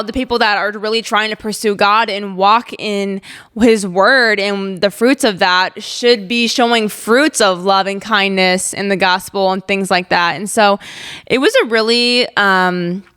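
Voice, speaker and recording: At a measured pace, a young woman in her twenties hosts her podcast in a clean, medium-pitched voice. Originally from the Ozarks, USA, she recounts a personal story candidly and expressively, with many "like"s.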